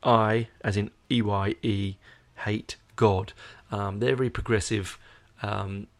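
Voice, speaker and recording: Tired, gravelly Australian man rambling casually. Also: lowish voice, flat delivery, slow pace. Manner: rambling, hesitant, many fillers. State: tired, yawning. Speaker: podcast host. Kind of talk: casual chat to viewers.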